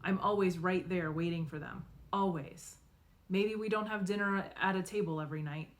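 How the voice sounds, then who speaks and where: A woman narrating a novel in the first person, expressive and acting out the dialogue. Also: lowish voice, normal speed, a little hiss or hum. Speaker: audiobook reader.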